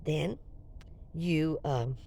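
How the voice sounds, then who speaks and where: A woman's voice: sits low, extremely slow, gravelly, dark tone, pitched below the performer's own voice, full character voice. An older woman in her seventies voicing a forty-something drifter who talks vaguely and hesitantly, full of fillers. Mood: evasive.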